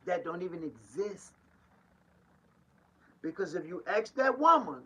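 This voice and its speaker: A man's voice: high-pitched, lively intonation, measured pace, pauses often, bright, forceful tone, husky, low-quality recording. A man, a pastor preaching a street-style podcast monologue with emphatic, rhetorical repetition. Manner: emphatic and rhetorical, repeats lines and laughs between points.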